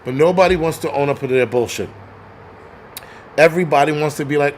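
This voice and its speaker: A man's voice: fairly high pitch, lively intonation, brisk, a little hiss or hum. A man hosting a crude, angry livestream rant, mocking people as he goes. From New York. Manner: angry, crude, mocks others in put-on voices. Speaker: host.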